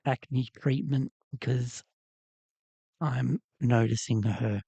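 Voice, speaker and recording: A man's voice: mid-range voice, fairly even intonation, takes it slowly, gravelly, dark tone, husky, no room sound, lo-fi sound. Chatty man on a dry mic. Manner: rambling, chatty, candid asides. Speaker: livestream host. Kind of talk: casual livestream chat while working on a doll.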